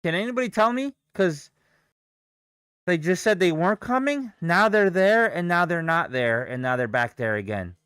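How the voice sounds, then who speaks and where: A man's voice: high-pitched, animated, normal speed, fairly bright tone, smooth, dry recording, clean studio sound. A young man chatting casually on a live trading stream, swearing and rambling as he reacts to chat and charts. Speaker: livestream day trader.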